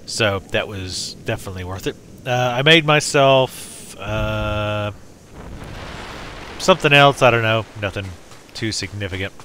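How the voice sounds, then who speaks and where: A man's voice: mid-range voice, sharp tone, a little hiss or hum. A man hosting a let's play, giving casual, rambling, jokey commentary while he plays.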